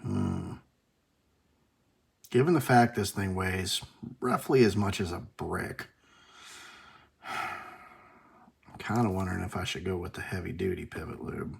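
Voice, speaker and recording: A man's voice: low voice, sing-song, measured pace, vocal fry, pauses often. A man hosting a casual workshop video, talking through his work at a bench with dry, self-deprecating asides and muttered remarks. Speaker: host. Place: workbench.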